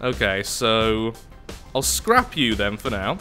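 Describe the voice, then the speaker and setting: A man's voice: fairly low pitch, big pitch swings, slow pace, bright, forceful tone, faint music behind. A man giving casual, jokey let's-play commentary, reading on-screen text aloud and exclaiming. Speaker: gameplay commentator.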